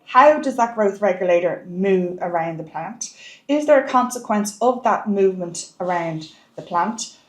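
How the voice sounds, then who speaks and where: A woman's voice: mid-range voice, animated, moderate pace, reverberant. A woman teaching a biology exam lesson, stressing key words and repeating points for the marks. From Ireland.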